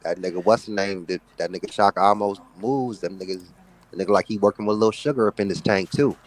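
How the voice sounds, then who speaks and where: A man's voice: fairly low pitch, fast talker, rough recording. A man calling into a livestream panel, blunt, slangy and emphatic in casual chat.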